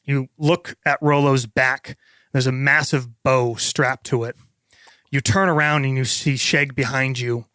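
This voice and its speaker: A man's voice: medium pitch, fairly even intonation, measured pace, sharp tone, no room sound, clean studio sound. A man narrating a tabletop game as game master, painting vivid scenes with casual fillers.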